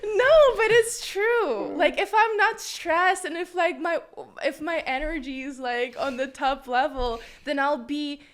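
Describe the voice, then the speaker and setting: A woman's voice: high-pitched, measured pace, hardly any pauses, background noise. A young woman guest on a podcast, talking candidly and bluntly in casual chat, with lots of fillers.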